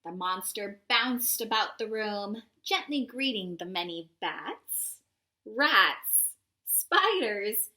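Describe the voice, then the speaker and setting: Woman reading a kids' picture book aloud, slow, bright, playful, lively pitch. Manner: playful, with asides to young listeners. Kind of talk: read-aloud for children.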